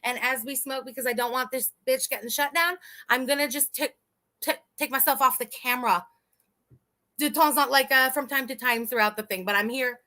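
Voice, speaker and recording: A woman's voice: high-pitched, fairly quick, pushed and bright. A woman hosting a casual live stream, chatty and laughing often, swearing freely and talking to her chat.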